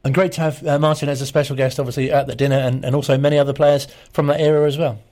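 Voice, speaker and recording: A man's voice: fairly high pitch, little pitch movement, racing, darkish tone. A man hosting a local radio sports show, hesitant with many uhs.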